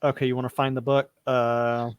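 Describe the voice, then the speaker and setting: A man's voice: mid-range voice, little pitch movement, moderate pace, smooth, no echo, muffled recording. Guy game-mastering a horror tabletop game, loose improvised telling, dry close audio. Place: home streaming setup.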